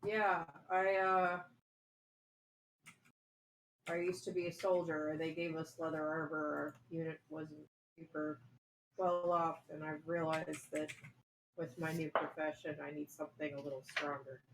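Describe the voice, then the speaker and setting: A woman at a tabletop game with a notably deep voice for a woman, speaking casually. Faint noise can be heard in the background. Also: flat delivery, measured pace, long pauses, rough recording. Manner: casual, talks in character. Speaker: player.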